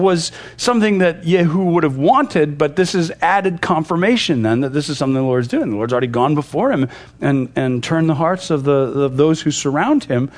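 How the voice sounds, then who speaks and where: A male pastor teaching a Bible passage verse by verse, in a conversational manner that retells the scenes in lively paraphrase. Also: on the high side.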